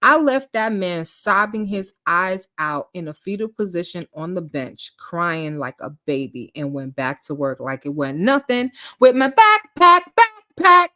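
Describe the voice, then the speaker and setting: Animated woman, host telling a story, swooping pitch, playful delivery. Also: measured pace, few pauses, dry recording, studio quality. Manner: animated, laughing, acts out quotes. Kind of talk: casual storytime.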